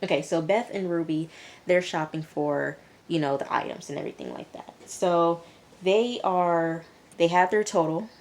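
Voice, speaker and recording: Low-voiced woman chatting casually. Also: normal speed, a little mellow. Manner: chatty, full of fillers like "um" and "you know". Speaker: TV reviewer. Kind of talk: casual episode recap.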